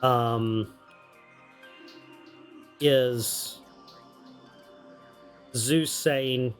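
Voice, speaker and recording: A high-voiced man from New York, now with a faint Southern drawl, talks at an unhurried pace. His voice swings widely as he chats and curses through a game stream, and faint music plays behind him. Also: lively intonation. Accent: mild Southern drawl. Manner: chatty, profane, laughs often. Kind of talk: casual gameplay commentary.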